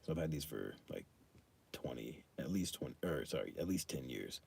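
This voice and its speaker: A man's voice: rumbling low, big pitch swings, moderate pace, gravelly, a little mellow, breathy edge. A young man, chatting casually on his fitness live stream, loose and joking and swearing freely as he reads chat aloud.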